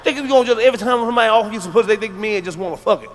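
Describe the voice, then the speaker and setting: A man doing a stand-up comedy routine, brash and profane, breaking into sudden shouted bursts. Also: high voice, very fast, hardly any pauses, slight background noise.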